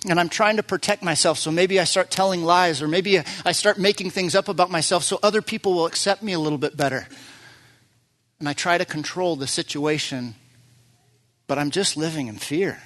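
Earnest male pastor preaching a sermon. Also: fairly high pitch. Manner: earnest, building to loud emphatic peaks then dropping quiet.

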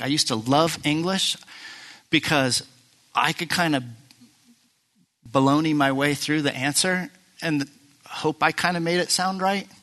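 A man preaching a sermon, animated and playful, acting out the voices of the Bible figures he retells. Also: fairly high pitch. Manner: animated, acts out Bible voices, jokes with the crowd. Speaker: pastor.

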